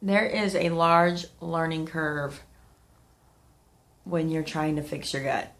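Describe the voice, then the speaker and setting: A sniffling, under-the-weather woman in her thirties chats candidly and ramblingly to camera as a vlogger. Her voice sits low and fairly bright, and she talks slowly.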